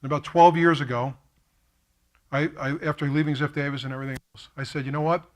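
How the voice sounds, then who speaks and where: A middle-aged man, giving an impassioned keynote speech as a story, acting out the voices of others and moving from hushed to fervent. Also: fairly high pitch, fast. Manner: animated, quotes himself and others, swings from hushed to fervent. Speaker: keynote speaker. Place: lecture hall at a college.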